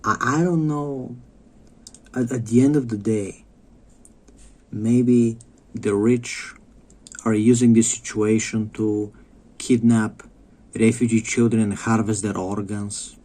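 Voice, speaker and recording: A man's voice: on the low side, steady tone, slow pace, pauses often, darkish tone. A man from Bulgaria, ranting in a rambling monologue, swearing often and repeating himself. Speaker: vlogger. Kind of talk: profane monologue rant.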